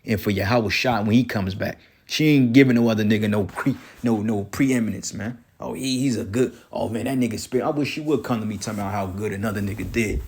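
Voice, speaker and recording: A man with a low, husky voice preaches in a heated, profane rant. He scolds his listeners and keeps tagging his lines with "man" as he quotes scripture and rebukes them. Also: fairly quick, few pauses, darkish tone. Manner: profane, scolding, repeats "man" at line ends. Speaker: street preacher. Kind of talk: angry religious rant.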